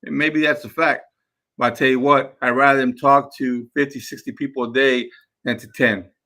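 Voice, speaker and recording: A man's voice: mid-range voice, normal speed. A man coaching his team in a casual talk, repeating himself and acting out phone calls with sellers. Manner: energetic, repeats words, acts out phone calls. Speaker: real estate investing coach.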